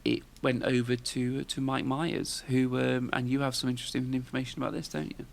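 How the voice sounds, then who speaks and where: A man's voice: medium pitch, completely flat delivery, a little fast, gravelly. A man, hosting a podcast in casual, rambling chat and tossing questions to his co-host. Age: 40s.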